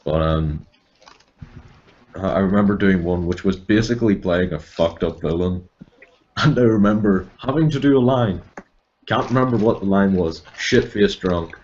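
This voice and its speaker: Irish man, very low voice, profane and wry, casual chat over a dull lo-fi line. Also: normal speed, a little mellow. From Ireland. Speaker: podcast guest, voice actor. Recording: dull lo-fi call audio.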